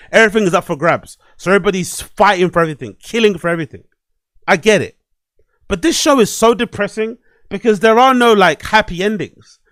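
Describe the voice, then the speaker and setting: A man's voice: high voice, no room sound, clean studio sound. A man hosting a solo commentary podcast, talking animatedly, swearing and repeating himself as he rants. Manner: animated, swearing, repetitive ranting. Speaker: podcast host. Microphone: desk microphone and webcam.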